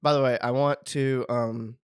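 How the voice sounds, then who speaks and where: A man's voice: medium pitch, steady tone, unhurried, clear, resonant tone, no room sound, studio quality. A man co-hosting a casual podcast chat, hesitant, with many fillers and restarts. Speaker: podcast co-host.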